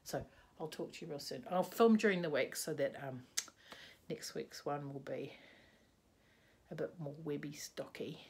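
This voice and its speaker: A woman's voice: sits low, normal speed, long pauses, a little mellow, a little hiss or hum. A woman vlogging casually indoors, rambling and chatty, sleepy and yawning. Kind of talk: casual video-reply vlog. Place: indoors, bedroom with a bedspread.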